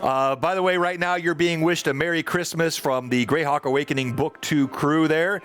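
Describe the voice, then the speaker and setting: A podcast host and dungeon master runs a live tabletop gaming talk show, rambling casually, reading chat comments aloud and using lots of fillers. His voice sits a little high with fairly even intonation, a moderate pace and a fairly bright, clean tone.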